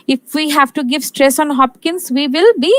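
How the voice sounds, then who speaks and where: A woman's voice: high voice, moderate pace, no room sound, low-quality recording. A woman from India giving an exam-prep literature lecture, repeating key points and asking and answering her own questions.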